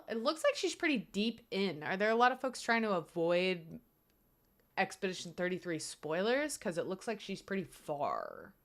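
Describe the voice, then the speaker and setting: Young woman streamer, casual chat, earnest and rambling, home setup. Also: medium pitch. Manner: earnest, grateful, rambling with fillers.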